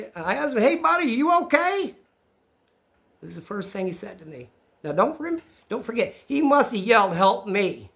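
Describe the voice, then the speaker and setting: A man with a Maine accent telling a story in casual chat, loud and excitable, swearing freely. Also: high-pitched, vocal fry. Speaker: witness telling his story.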